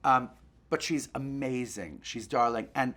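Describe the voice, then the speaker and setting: A man hosting a show, chatting in a gossipy comic monologue to a puppet and breaking into quick impressions. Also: mid-range voice, a bit bright. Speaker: host.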